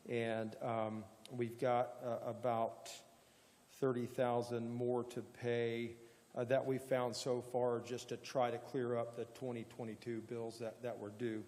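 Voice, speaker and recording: A man serving as county sheriff, giving a plain-spoken report at a public meeting, halting often with fillers. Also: mid-range voice, flat delivery, darkish tone, long reverb tail.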